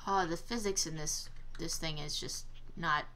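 A woman's voice: low voice, measured pace, bright, forceful tone, a little hiss or hum. A young woman giving casual let's-play commentary, exclaiming at failures and trading sarcastic asides with the game. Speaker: gameplay commentator.

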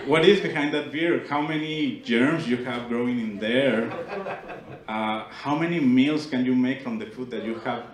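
A man's voice: medium pitch, measured pace, a crowd in the background. Young Mexican man doing stand-up. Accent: Mexican Spanish. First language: Spanish. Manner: playful, teasing the audience. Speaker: stand-up comedian. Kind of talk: stand-up comedy set. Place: small comedy club stage. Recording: roomy club sound. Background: audience laughter.

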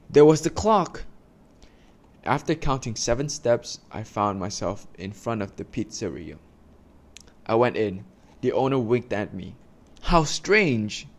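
A man reading a children's storybook aloud slowly and carefully, with small stumbles, then giving his listeners instructions. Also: lowish voice, a little mellow. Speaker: reader for a class.

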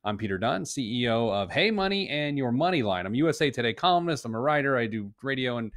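A man's voice: mid-range voice, animated, quick pace, a bit bright, no room sound, clean studio sound. A middle-aged man hosting a finance live stream in a casual, upbeat, joking way.

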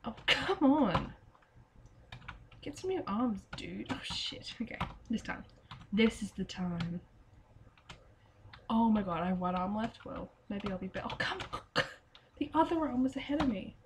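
Hoarse high-voiced woman gaming. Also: a little mellow, a little hiss or hum. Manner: chatty, swears often, sings and mutters to herself. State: losing her voice. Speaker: gamer. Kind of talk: casual let's play commentary.

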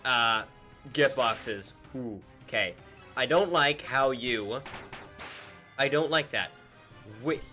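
A man doing excitable let's play commentary, reacting aloud to the game as he plays. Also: medium pitch, takes it slowly, long pauses, faint music behind. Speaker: gameplay commentator.

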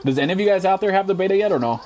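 High-voiced and speaking very fast, this young American man provides live commentary on a shooter game he's streaming. Excitable and profane, he curses nonstop, rants, and reads out his viewers' chat.

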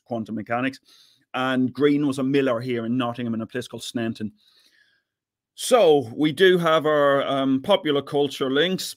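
A man's voice: medium pitch, no room sound, clean studio sound. Chatty middle-aged Irish man lecturing. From Ireland, near the Northern Ireland border. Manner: chatty, repeats words while thinking. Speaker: physics professor giving an invited talk. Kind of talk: online lecture.

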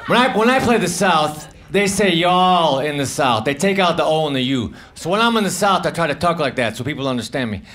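A man performing live stand-up comedy, delivering deadpan one-liners with mumbled self-deprecating asides. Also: fairly high pitch, fairly quick, hardly any pauses. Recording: noisy live club recording with audience laughter.

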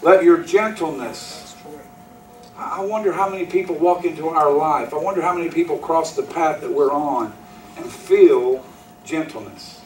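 A man's voice: fairly high pitch, normal speed, a little mellow, slight background noise. A man preaching a sermon as pastor, driving his points home with repetition and direct questions to the congregation. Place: church sanctuary. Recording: echoey hall, mic from a distance.

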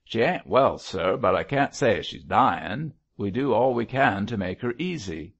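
A man voicing a gruff, quick-tempered, husky middle-aged innkeeper in a storybook reading. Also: fairly low pitch, expressive, lo-fi sound, full character voice. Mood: deferential.

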